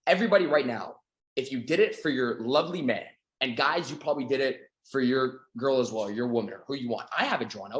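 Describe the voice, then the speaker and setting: Fired-up Canadian sales coach. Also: male voice, mid-range voice, fast, echoey room. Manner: animated storytelling, acts out dialogues, swears casually. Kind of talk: motivational talk to an online audience.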